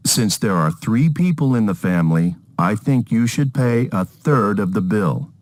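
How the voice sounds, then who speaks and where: A man voicing a calm, fair-minded father in a scripted textbook dialogue, explaining things evenly. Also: lowish voice, unhurried. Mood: reasonable.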